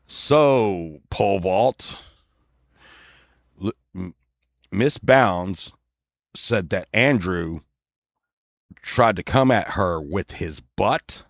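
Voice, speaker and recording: A man playing a police officer, speaking slowly and formally in a lowered voice. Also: animated, dry recording, clean studio sound, exaggerated voice. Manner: slow, formal questioning. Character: deep-voiced police officer questioning a boy.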